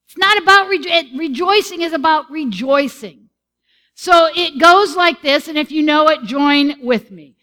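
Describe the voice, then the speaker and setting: High-pitched woman pastor, upbeat and encouraging, preaching in church. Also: normal speed, pushed and bright. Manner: encouraging, leads the congregation in song. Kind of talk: sermon with congregational singing. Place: church sanctuary.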